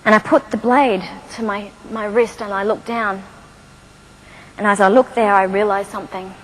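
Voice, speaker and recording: A middle-aged woman gives a motivational talk on stage before a live audience, recounting her life story with self-deprecating humor and questions for the crowd. Her medium-pitched voice has fairly even intonation at a moderate pace, and the audio is poor with slight background noise.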